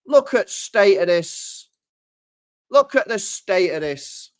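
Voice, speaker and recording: A man's voice: high-pitched, expressive, takes it slowly. A young man chatting casually on a football stream, exasperated, swearing often and laughing.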